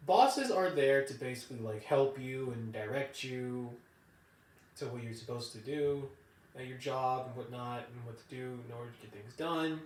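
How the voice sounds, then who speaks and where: A man's voice: medium pitch, normal speed. A young man ranting casually as a vlogger in a rambling, profane, loose way. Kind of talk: casual rant to camera. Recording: roomy, distant from the mic.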